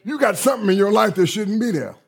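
Middle-aged male preacher, husky and raspy, emphatic sermon delivery. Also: high voice, animated, fast. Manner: emphatic and repetitive, often checking listeners are following.

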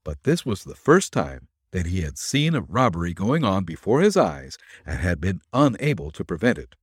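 A man hosting a podcast, reading a classic story aloud in an expressive, theatrical way. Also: sits low, moderate pace, husky, no room sound, clean studio sound. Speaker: podcast host and story reader.

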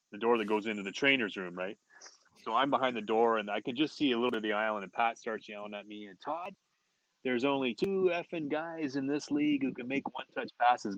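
A man's voice: medium pitch, dry recording, lo-fi sound. A man in his forties, a former hockey player, telling a story casually with laughs and restarts. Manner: animated, laughing, many restarts.

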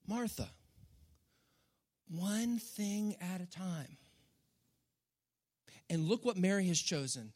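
A pastor in his forties with a notably high voice delivers a sermon in a loose, joking, conversational style. He keeps turning to the room with quick "right?" asides.

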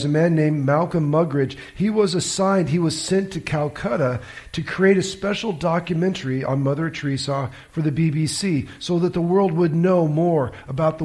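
A man's voice: a little high, darkish tone. A male preacher telling a story in a sermon, with a dramatic, emphatic delivery.

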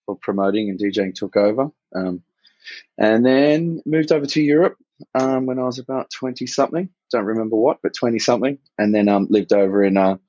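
A man's voice: fairly low pitch, warm tone, no room sound, highs cut off. A man from Australia with a slight English twang, speaking as a guest on a remote call in a laid-back, rambling way. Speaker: guest, club promoter and DJ. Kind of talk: casual interview.

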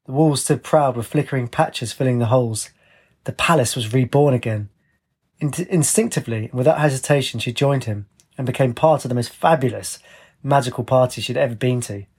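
A man reads a fantasy audiobook in a measured, descriptive manner. His voice has a husky, breathy grain and sits at an ordinary male pitch. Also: a little mellow. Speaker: narrator. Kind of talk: audiobook narration.

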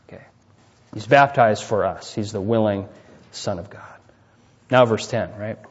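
A man preaching a sermon who keeps checking in with listeners with "right?" and swings from loud emphatic peaks to quiet dropped endings. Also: fairly low pitch, unhurried, long pauses, husky. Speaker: pastor. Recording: dull, reverberant hall recording.

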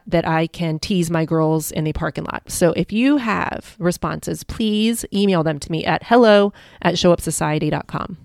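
A woman's voice: on the low side, vocal fry, darkish tone, no echo, studio quality. A woman hosting her own podcast as a life coach, telling stories in a chatty, upbeat way. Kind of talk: casual solo podcast monologue.

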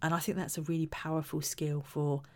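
Female, lower-pitched, warm-toned educator for parenting advice. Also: little pitch movement, a little fast. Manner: gentle, earnest, acts out example phrases. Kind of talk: talking-head advice talk.

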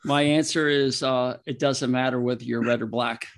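A man's voice: mid-range voice, steady tone, moderate pace. A man, a veterinarian and author, answering interview questions casually with rambling, emotional anecdotes and frequent laughter.

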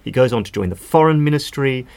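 A man's voice: medium pitch, lively intonation, fast talker, gravelly, darkish tone, smooth. A man speaking as a legal expert guest in a podcast conversation, explaining at length with casual fillers.

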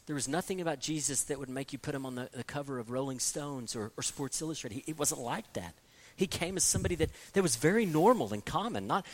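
A man preaching an expository sermon, earnest, often repeating words as he restarts and rising to emphatic peaks. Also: a little high. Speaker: pastor.

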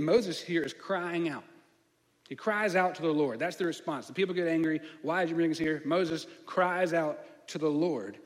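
High-voiced preaching man in a reverberant hall. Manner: preaching with rhetorical questions and acted-out voices. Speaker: pastor. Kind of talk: sermon.

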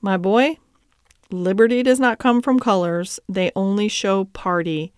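A woman's voice: mid-range voice, clean tone, no echo, studio quality, close to an everyday voice. A woman reading an earnest, principled cabman. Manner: earnest and measured. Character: steady, principled middle-aged cab driver and father.

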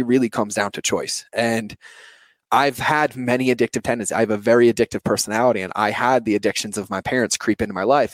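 On a dry recording, a thirty-something man with a mid-range voice opens up about his life as an entrepreneur. He's a guest in a reflective personal interview, and he leans heavily on "like" and "you know" as he speaks earnestly.

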